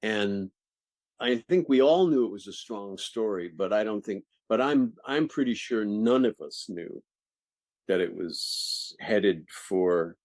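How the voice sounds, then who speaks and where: Older male actor, low voice, lively raconteur, dry sound. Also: slow, dry recording. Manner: animated, laughing, restarts sentences. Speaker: actor guest. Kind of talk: interview storytelling.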